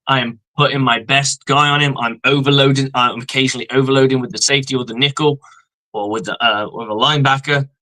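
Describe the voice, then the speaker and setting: A man's voice: medium pitch, steady tone, fast talker, bright, forceful tone, poor audio. A man co-hosting a live sports fan stream, giving profane, fired-up football analysis. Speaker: co-host of a sports fan show.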